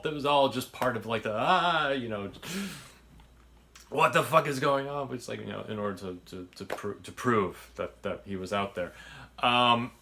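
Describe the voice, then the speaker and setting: A man's voice: on the low side, bright, forceful tone. A man telling a casual story about making his sketch, rambling with lots of restarts and fillers and casual swearing. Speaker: filmmaker recounting his sketch.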